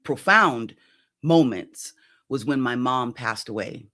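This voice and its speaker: A woman in her fifties, a coach, telling her own story in an interview in a lively, conversational way and often checking in with "right?". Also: very deep voice, slow pace. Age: 50s. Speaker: executive coach guest.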